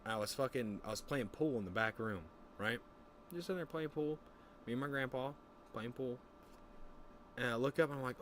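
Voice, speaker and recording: A young man casually chatting on a stream, telling a story in a rambling, profane way and breaking into lively voices when he quotes people. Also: medium pitch, quick pace, slight background noise. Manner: rambling, profane, animated quoting.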